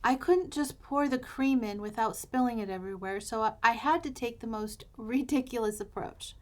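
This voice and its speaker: Brief: American woman, journaling host, higher-pitched voice, chatty and wry storyteller. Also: moderate pace. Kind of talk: casual storytime while journaling.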